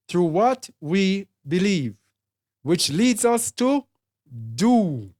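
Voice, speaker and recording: A Bible teacher with a Jamaican accent preaching a sermon, speaking deliberately and repeating and listing words for emphasis. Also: mid-range voice, a little mellow.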